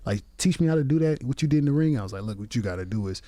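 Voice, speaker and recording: A man spins a long, profane story as a comedian guest on a podcast, slipping into other people's voices as he goes. His voice sits at a medium pitch and talks in a loose, casual way. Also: rapid-fire, no room sound. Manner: animated, profane anecdote telling with quoted voices. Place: podcast studio.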